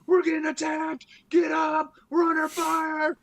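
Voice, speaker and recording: Irate male Marine officer barking at troops, loud and high-pitched, put on by a man. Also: completely flat delivery, unhurried, vocal fry, dry recording, exaggerated voice. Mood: alarmed. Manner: shouting, cursing.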